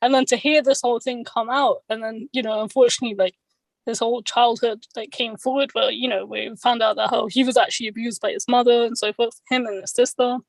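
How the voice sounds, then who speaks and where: A woman's voice: a little high, fairly even intonation, brisk, vocal fry, no echo, low-quality recording. A woman chatting casually, laughing often and filling her talk with "like" and "you know". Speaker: podcast guest. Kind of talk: casual chat.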